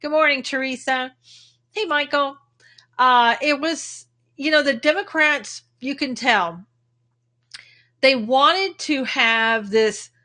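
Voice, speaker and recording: Bright-voiced woman hosting a livestream. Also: fairly high pitch. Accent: Texan. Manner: chatty, greets viewers by name mid-sentence. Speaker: livestream host. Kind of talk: casual livestream chat greeting viewers. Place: home in Texas.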